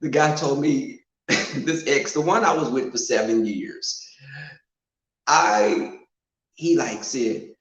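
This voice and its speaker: A man telling casual stories at home, animated and loud when he quotes people, in an echoing room. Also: takes it slowly, long pauses. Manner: animated, swings loud and high when quoting. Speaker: storyteller. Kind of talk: casual storytelling. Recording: roomy home echo, muffled sound.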